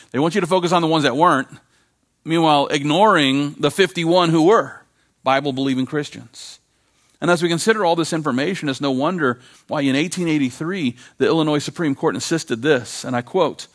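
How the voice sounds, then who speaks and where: A man preaching a sermon as pastor, emphatic, repeating key phrases and slowing down to read quotations aloud. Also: on the high side, a bit bright. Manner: frequent fillers and restarts.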